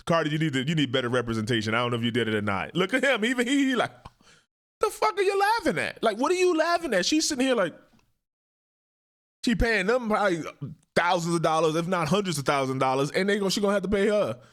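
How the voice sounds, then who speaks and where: A man hosting casual commentary on a court video, animated and drawling, often jumping into high mocking impressions. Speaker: host.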